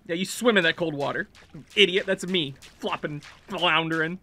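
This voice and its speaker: A man doing let's play commentary, yelling at his character and swinging from muttered self-talk to loud shouts. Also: a little high, moderate pace. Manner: jokey self-talk while playing. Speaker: gaming channel host.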